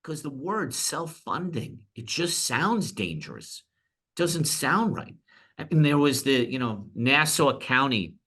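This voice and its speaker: A middle-aged man, an insurance broker telling animated stories as a podcast guest. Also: medium pitch, takes it slowly, husky. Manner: animated anecdotes, acts out quoted clients. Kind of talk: storytelling in a podcast interview.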